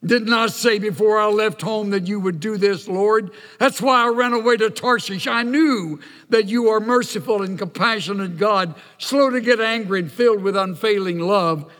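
A man's voice: high voice, normal speed, few pauses, a bit bright, voice pushed up. A man playing a resentful, complaining male prophet in a sermon reading. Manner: whiny, aggrieved. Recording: long hall reverb.

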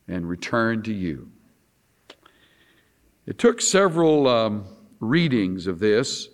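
A middle-aged man preaching with a lively, rising-and-falling voice. He reads scripture aloud, then drops into soft asides before building back to loud emphasis. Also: lowish voice. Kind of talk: sermon.

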